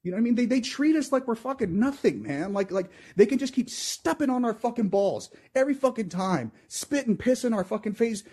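A man's voice: very high voice, expressive, brisk, few pauses, mellow, breathy edge. A man co-hosting a call-in podcast, swearing heavily and stumbling over repeated words as he vents about politics. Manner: profane, emotional, repeats words when worked up. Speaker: podcast co-host. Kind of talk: heated political chat.

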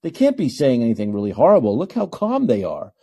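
A man's voice: mid-range voice, wildly swooping pitch, quick pace, dark tone, husky. A man hosting a call-in podcast, ranting emphatically and repeating himself for effect. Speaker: podcast host.

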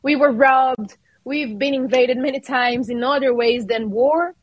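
A woman's voice: sits high, unhurried, no room sound, muffled recording. A woman from Brazil with a Brazilian accent, speaking as a guest in a casual podcast interview, passionate and emphatic, restarting her phrases often. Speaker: guest, artist and actor.

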